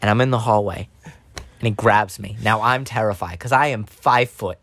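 A young man hosting a podcast, telling a story in casual chat, animated and full of restarts and laughs. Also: on the low side, normal speed. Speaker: podcast host.

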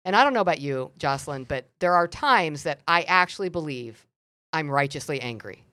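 A middle-aged woman telling a candid personal story on a podcast, expressive and animated. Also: low voice, a little fast, no echo, studio quality. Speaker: podcast guest.

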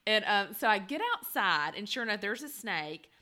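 A woman's voice: medium pitch, animated, moderate pace, pushed and bright. A woman in her forties, telling a funny story in casual chat, laughing often with lots of fillers. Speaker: podcast co-host.

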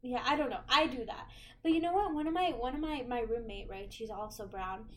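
A young American woman in casual chat, animated and full of fillers. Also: on the high side. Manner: animated, filler-heavy, quick to laugh.

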